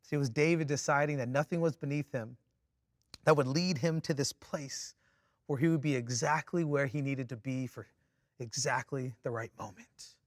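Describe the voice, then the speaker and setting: A man's voice: medium pitch, normal speed, no echo, clean studio sound. A man preaching a sermon, telling stories with wry humor and starting his points with "see.". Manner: animated storytelling, opens points with "see"; wry, self-mocking humor. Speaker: pastor.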